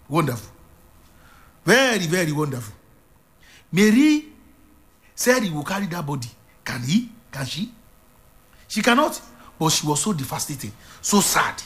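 Fervent high-pitched male preacher. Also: sing-song, a little slow, long pauses, fairly bright tone. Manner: fervent, dramatic, acts out quotes, repeats phrases. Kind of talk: sermon retelling a Bible story.

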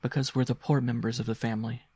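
A man reading a story aloud, voicing a weary mother who speaks in a measured, bitter way. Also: mid-range voice, little pitch movement, a little mellow, slightly rough, dry recording, clean studio sound, natural voice.

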